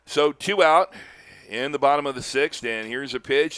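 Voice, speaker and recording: An older man doing live baseball play-by-play, chatty and telling stories between pitches, lifting his voice on big plays. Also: steady tone, normal speed, a bit bright, clean tone, no room sound. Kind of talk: live baseball commentary with chat.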